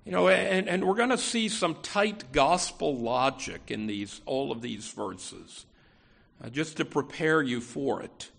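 Slow, gravelly-voiced male preacher. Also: medium pitch, lively intonation, fairly bright tone. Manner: conversational preaching with frequent "you know" and restarts. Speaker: pastor. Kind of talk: expository sermon.

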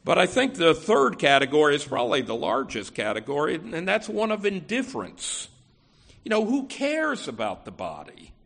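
A man's voice: fairly high pitch, wildly swooping pitch, normal speed, gravelly, fairly bright tone. A man preaching an expository sermon. He talks conversationally, often saying "you know" and restarting phrases. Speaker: pastor.

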